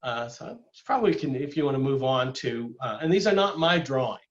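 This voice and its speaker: A man's voice: mid-range voice, lively intonation, a little fast, muffled recording. An older man giving a casual illustrated talk as a guest speaker, rambling with many fillers and restarts. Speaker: guest speaker, former animator.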